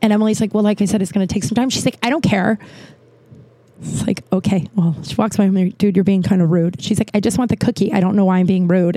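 A woman's voice: medium pitch, mellow, dry recording. A woman telling a story in a casual, chatty way, full of fillers and swearing, acting out what people said. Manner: chatty, lots of "like", swears, acts out quotes.

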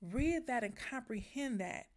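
A woman's voice: on the high side, expressive, measured pace, a little mellow. A woman hosting a faith podcast, talking in an emphatic, heartfelt, preacherly way and sounding emotional as she encourages listeners. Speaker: podcast host.

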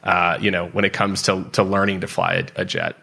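A male podcast host with a low but strikingly bright, forceful voice asks his guest loose, rambling questions that circle back on themselves. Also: sing-song, brisk, creaky. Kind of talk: interview questions.

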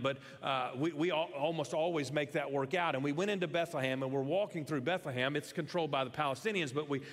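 A middle-aged man preaching a sermon as pastor, in a lively, conversational way with frequent restarts. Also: a little high, in a large hall.

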